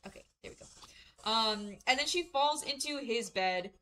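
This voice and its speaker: A woman's voice: a little high, expressive, moderate pace, pushed and bright, soft background music, low-quality recording. A young woman streamer chatting while doing a craft, rambling through a story, swearing freely and laughing at her own telling. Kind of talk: casual chat while crafting.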